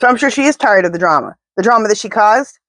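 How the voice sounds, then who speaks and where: A woman's voice: medium pitch, animated, fast, a bit bright, dry recording. Blunt woman doing a tarot reading. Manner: talks to her spirit guides and pendulum, blunt and indignant. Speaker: tarot reader. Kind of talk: casual tarot reading monologue.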